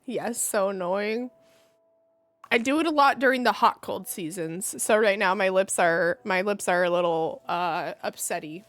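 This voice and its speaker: A woman streamer chats casually while playing a game, giggling a lot and poking fun at herself. Her mid-range voice is fairly bright and a little slow, with no echo.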